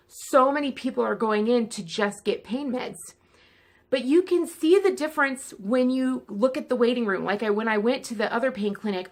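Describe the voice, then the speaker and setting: A woman vlogging in a candid, chatty way to her viewers, in pain and fidgety as she talks. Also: a little high. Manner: candid, chatty, speeding up and slowing down. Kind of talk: casual chat to camera.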